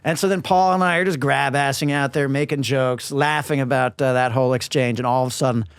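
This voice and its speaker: A man's voice: mid-range voice, a little fast, clean tone, dry recording. A middle-aged man co-hosts a podcast and tells a story in easy, casual chat. He acts out what the other people said as he goes. His voice sits dry and close to the mic, with no room around it. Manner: animated storyteller acting out quotes. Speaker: podcast co-host.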